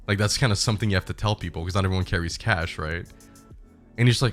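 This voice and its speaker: A young man streamer casually retelling a bad trip, animated and profane. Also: lowish voice, a little fast, faint music behind. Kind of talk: casual storytelling.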